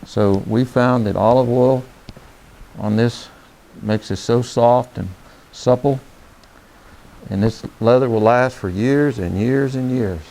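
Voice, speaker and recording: Slow and warm, with vocal fry at a medium pitch, a man demonstrates hands-on saddle care beside his horse. As a horsemanship instructor, he speaks plainly and folksily, regularly asking "okay?"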